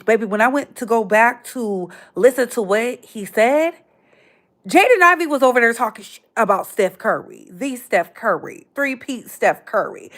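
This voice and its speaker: A woman in her thirties hosting a casual livestream, chatty and animated, full of slang and calling viewers "baby". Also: a little high. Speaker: livestream host.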